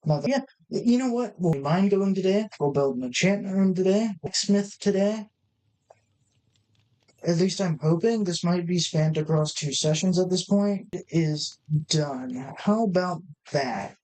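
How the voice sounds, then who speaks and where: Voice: medium pitch, unhurried, darkish tone, rough recording. A let's-play host giving casual gameplay commentary, rambling and thinking aloud with many restarts while talking straight to the viewers.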